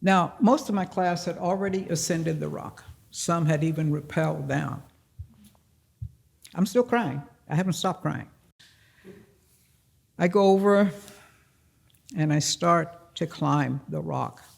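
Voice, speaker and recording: An older man telling a personal story to a live audience at a library event, unhurried and plain-spoken, acting out the voices in his tale. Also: on the high side, vocal fry. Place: public library event room.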